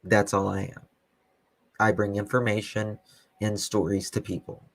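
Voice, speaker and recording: Slow, deep, gravelly man reading live chat. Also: dry recording. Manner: calm, slow, dry, teasing. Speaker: YouTube web sleuth host reading live chat. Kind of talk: casual live-stream chat.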